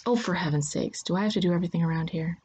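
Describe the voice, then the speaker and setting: A woman's voice: lowish voice, rapid-fire, darkish tone, husky. A woman voicing a prim, exasperated woman fighter who refuses to kill, with a huffy, fussy manner. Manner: huffy and fussy, then mild.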